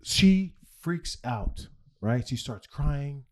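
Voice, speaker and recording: A man's voice: mid-range voice, animated, very slow. A young adult man, a comedian, telling a long personal story casually and candidly, often adding "right?" and "like". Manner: candid, rambling, leans on "right?" and "like". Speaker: guest comedian.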